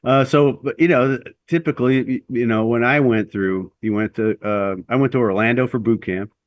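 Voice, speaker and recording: A man's voice: mid-range voice, normal speed, no echo. A middle-aged man, a former Navy SEAL, telling stories in a casual interview, with rambling speech full of fillers and restarts.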